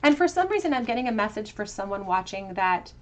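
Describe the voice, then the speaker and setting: A woman's voice: mid-range voice, sing-song, fast talker, a little hiss or hum. Woman musing through a tarot reading. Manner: musing, talks through card meanings with soft fillers. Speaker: tarot reader. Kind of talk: tarot pick-a-card reading.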